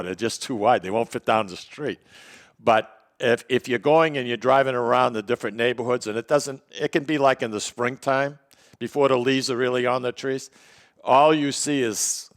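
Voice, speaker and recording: A man's voice: medium pitch, a bit bright. A man co-hosting a casual talk show, telling long, rambling stories and teasing his partner. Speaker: co-host.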